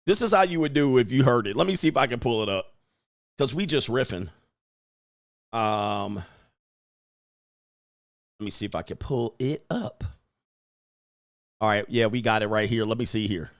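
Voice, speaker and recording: A man hosts a livestream and commentates, riffing in slang, laughing a lot, and mimicking people. His voice sits at medium pitch and moves at a normal speed with long pauses, captured in a dry, clean studio recording.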